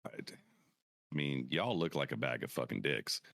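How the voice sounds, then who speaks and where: A man's voice: very deep voice, expressive, a little slow, vocal fry, a bit bright, no room sound, studio quality. A man hosting a veterans podcast, talking casually and brashly with lots of profanity and trash talk. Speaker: podcast host.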